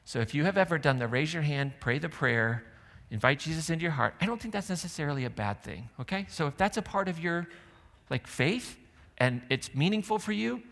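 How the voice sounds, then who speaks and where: A pastor preaches a sermon to his congregation in a sanctuary whose long reverb rings after every phrase. His bright, forward voice sits a bit above usual male pitch, expressive, fairly quick, and creaky. He speaks conversationally as he tells the story, dropping in asides and questions to the room.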